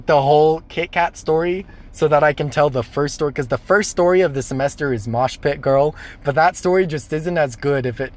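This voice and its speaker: A young man casually telling a personal story, animated and laughing, acting out the voices of people he quotes. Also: fairly high pitch. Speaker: storyteller vlogger.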